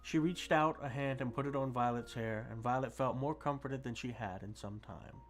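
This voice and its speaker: A man reading a storybook aloud to his stream in a steady, mid-pitched voice. He stumbles and restarts now and then but keeps an even pace. Quiet music plays in the background. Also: moderate pace. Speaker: streamer reading books to chat. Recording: faint music behind.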